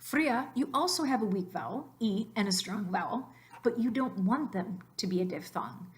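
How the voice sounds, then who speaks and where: A woman teacher narrating a slide lesson, explaining patiently step by step and repeating words slowly. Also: on the high side, animated. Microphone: voice-over on computer mic.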